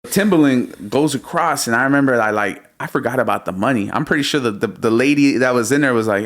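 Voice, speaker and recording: Slangy, animated man telling a story. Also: mid-range voice, brisk, few pauses. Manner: animated, slangy storyteller, calls the host bro and dog. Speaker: music producer, podcast guest. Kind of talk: casual storytelling interview.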